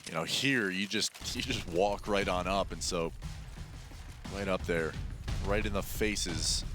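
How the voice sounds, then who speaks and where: Speaking into a headset, a man casts a live esports match in a fairly low, bright, forceful voice. His commentary is analytical but hesitant and full of fillers, with game gunfire noise behind him.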